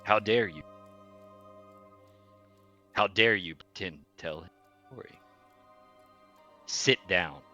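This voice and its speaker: A man voicing a deceitful male mage who poses as a prophet, speaking coldly and with measured command. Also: deep voice, sharp tone, lo-fi sound, exaggerated voice. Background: faint background music.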